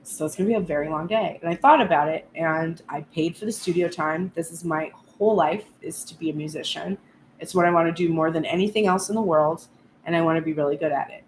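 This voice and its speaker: A woman's voice: deep voice, quick pace. Earnest woman reading tarot in an echoey room. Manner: reflective and earnest, speaking at length. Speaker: tarot reader. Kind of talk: spoken tarot reading vlog. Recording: echoey room with faint background noise.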